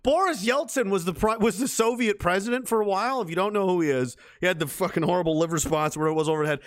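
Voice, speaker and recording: A man's voice: sits high, no room sound, clean studio sound. A man from Canada hosting a livestream, reading chat messages aloud and riffing in casual, profane commentary. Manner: swears freely, jumps from mocking rants to quick chat replies.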